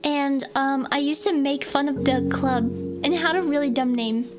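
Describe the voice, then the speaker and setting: A woman's voice: high-pitched, steady tone, normal speed. A young adult woman streamer telling a rambling story in a casual chat, full of fillers, acting out what people said. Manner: rambling, filler-heavy, acts out quotes. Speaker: VTuber streamer. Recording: loud music under the voice.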